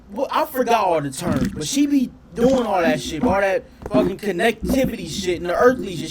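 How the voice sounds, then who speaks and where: A man doing casual reaction commentary on his channel, talking in an animated, profane way and often questioning his audience. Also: sits high, moderate pace, few pauses, husky. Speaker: reaction streamer.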